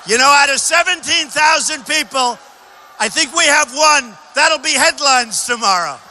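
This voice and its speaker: A man from New York giving a campaign rally speech in a large arena, speaking loudly in short, repeated phrases into a podium microphone. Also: lively intonation, moderate pace, slight background noise. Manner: loud, repetitive short phrases to a crowd. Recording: booming echo of a big arena.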